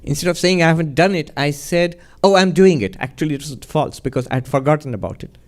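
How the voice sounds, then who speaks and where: A man, a monk, giving a spiritual talk in a gentle, reflective storytelling manner, often chuckling. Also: on the high side, quick pace.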